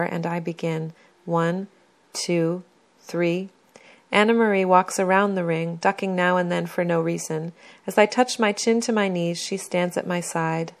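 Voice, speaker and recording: A woman reading her own first-person memoir aloud in a measured, even storytelling manner. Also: lowish voice, creaky.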